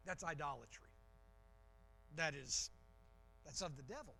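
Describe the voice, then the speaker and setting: A man's voice: a little high, a little slow, vocal fry, bright, forceful tone, a little hiss or hum, low-quality recording. A man preaching a sermon in a church, talking in a conversational, emphatic way with frequent restarts. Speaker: pastor.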